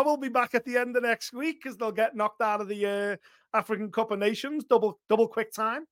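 A man co-hosting a sports podcast, chatty and excitable with frequent swearing. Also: high voice, brisk. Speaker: podcast co-host. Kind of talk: casual chat.

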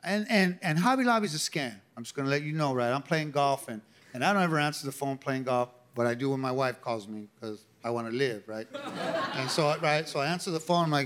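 A man's voice: mid-range voice, animated, a little fast, slight background noise. A middle-aged man from New Mexico doing a punchy, conversational stand-up set. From New Mexico, USA. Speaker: stand-up comedian. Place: comedy club stage. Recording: live club with loud crowd laughter.

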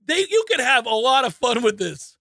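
Animated high-voiced sports talk man. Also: moderate pace, gravelly, no room sound, studio quality. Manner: animated storyteller, acts out voices, laughs often. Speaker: sports radio co-host.

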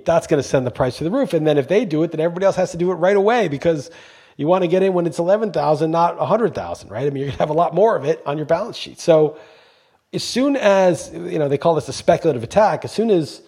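A man's voice: on the high side, warm tone, slightly rough. A man co-hosting a podcast, talking emphatically in casual chat and swearing freely when he gets going. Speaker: podcast co-host.

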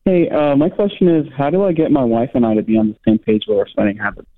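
A man calling in to a radio show, talking in a halting way with many fillers. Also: medium pitch, very animated. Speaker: caller. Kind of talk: call-in question on radio. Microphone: phone line. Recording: tinny phone line.

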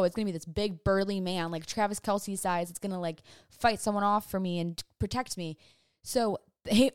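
A young woman vlogger casually retelling a frightening night, animated and breathless, with lots of fillers. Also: medium pitch, clean tone, no echo, studio quality. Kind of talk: casual storytime.

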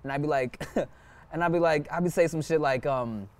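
A man with a slightly high voice talks loosely on a podcast, laughing mid-sentence as he acts out old arguments. His delivery is relaxed and chatty. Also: moderate pace. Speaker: podcast host. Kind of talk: casual podcast chat.

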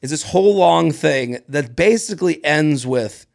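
Creaky-voiced man telling stories. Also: on the high side, a little slow. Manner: animated, laughs often while telling stories. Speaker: podcast co-host. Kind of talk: casual storytelling chat.

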